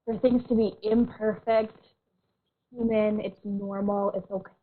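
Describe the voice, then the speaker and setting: Gentle woman counselor, tinny narrow audio. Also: medium pitch, little pitch movement, unhurried. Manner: gentle, reassuring. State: frequent throat clearing from a tickle in her throat. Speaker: counselor leading a workshop. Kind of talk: online workshop presentation.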